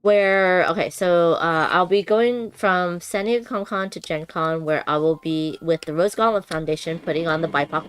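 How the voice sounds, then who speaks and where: A woman's voice: lowish voice, normal speed, few pauses, clean tone. Bubbly woman streaming from home, chatty, lots of ums and laughs, faint music behind. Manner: bubbly, chatty, laughs often, many fillers. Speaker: board game streamer. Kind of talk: casual live-stream chat while unboxing. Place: home room with noisy bathroom upstairs.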